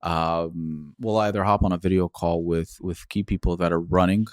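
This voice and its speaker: A male entrepreneur guest explaining things in a steady, practical manner over casual interview chat. His voice sits low and the recording is dry and close-miked. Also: moderate pace, no echo.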